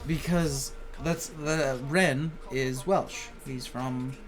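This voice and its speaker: A man's voice: mid-range voice, fairly even intonation, extremely slow, soft background music. A man hosting a live stream, chatting casually and hesitantly with lots of fillers. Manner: hesitant, full of "um" and "like". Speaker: streamer host.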